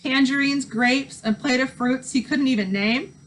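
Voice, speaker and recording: A woman teacher reading a novel aloud to students with expressive narration. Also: high voice, moderate pace, slight background noise, rough recording.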